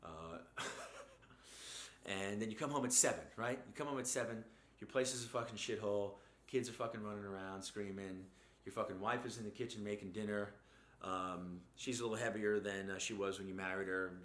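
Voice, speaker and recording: Man, bright forceful voice, low-ish pitch, blunt profane motivational rant, echoey room. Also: moderate pace. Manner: blunt, profane, heavy swearing, mocking asides. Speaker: host.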